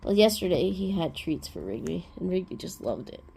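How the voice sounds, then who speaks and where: A woman's voice: fairly low pitch, lively intonation, fairly quick, creaky, warm tone, breathy edge. A woman hosting a crafting vlog, chatting casually and rambling through everyday stories. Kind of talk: casual chat.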